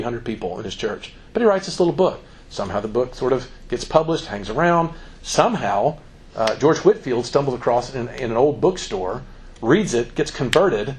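A man's voice: medium pitch, slight background noise. A man giving an informal, joking talk to students as a campus minister, acting out quoted voices. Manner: animated, joking, acts out quotes.

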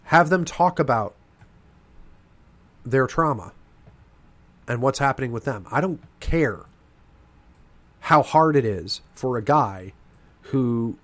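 A man from the East Coast hosts a political talk podcast, ranting with heated indignation. His voice sits at an ordinary middle pitch. The recording is close and dry, with no room sound. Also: lively intonation, takes it slowly, long pauses, no room sound. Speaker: podcast host. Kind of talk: political commentary monologue.

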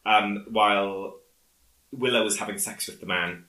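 A man casually recapping a film on a podcast, halting often with fillers as he retells scenes. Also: lowish voice, fairly even intonation, sharp tone, reverberant, low-quality recording. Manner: rambling, halting with many fillers. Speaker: podcast co-host.

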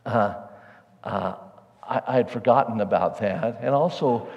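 A male pastor telling a lively personal story in a conversational sermon style. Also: fairly low pitch, unhurried, creaky, muffled recording. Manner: animated, conversational, self-deprecating. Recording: long hall reverb.

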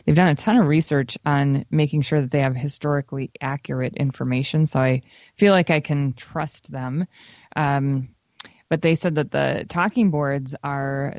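A woman's voice: low voice, a little mellow, no echo. A woman co-hosting a casual podcast, rambling with many restarts as she chats. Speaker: podcast co-host. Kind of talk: casual chat. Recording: dull lo-fi sound.

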